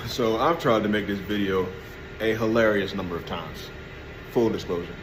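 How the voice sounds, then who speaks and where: A man's voice: lowish voice, moderate pace, a little hiss or hum, low-quality recording. A man hosting his channel, talking to camera in a careful, hesitant way with many fillers. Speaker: channel host. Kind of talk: casual commentary to camera.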